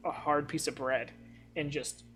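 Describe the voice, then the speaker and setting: A man running a tabletop game, casual and rambling, with swearing dropped into his narration. His voice is a little high, and faint music plays underneath. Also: fairly even intonation, unhurried, fairly bright tone. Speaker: game master.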